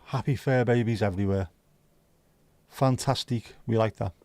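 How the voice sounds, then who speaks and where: A man's voice: lowish voice, normal speed, darkish tone, no room sound. A man hosting a livestream, chatting casually with viewers and teasing them. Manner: joking, teasing, chatty banter. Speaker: livestream host.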